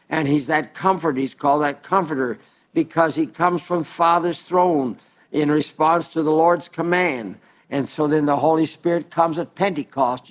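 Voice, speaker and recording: A man preaching a sermon in an earnest, emphatic way, quoting scripture and stressing his points. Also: a little high.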